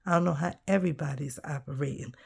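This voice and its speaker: A woman vlogging while she glues a page, talking in a soft, musing way with many pauses and ums. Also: low voice, gravelly, breathy edge. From United States. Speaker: crafting vlogger. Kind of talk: reflective casual vlog while gluing paper.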